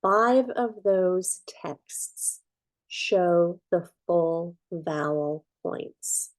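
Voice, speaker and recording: A woman's voice: on the low side, expressive, drawn-out words. A woman introducing herself as narrator of a yearly Bible reading, talking casually with fillers and restarts.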